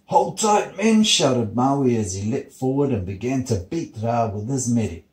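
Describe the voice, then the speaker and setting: A man, a father reading a bedtime story steadily and gently in his child's bedroom. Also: mid-range voice, measured pace, echoey room, low-quality recording.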